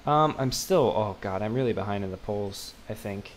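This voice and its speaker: A man's voice: on the low side, expressive, normal speed, few pauses, slight background noise. A young man giving casual, rambling commentary as he plays a video game, mocking himself, with lots of fillers and restarts. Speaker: gaming video host. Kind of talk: casual let's-play commentary.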